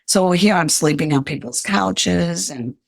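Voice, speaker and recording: A woman's voice: on the low side, measured pace, vocal fry, dry recording, studio quality. An older woman, a podcast guest, earnestly telling her life story in an interview.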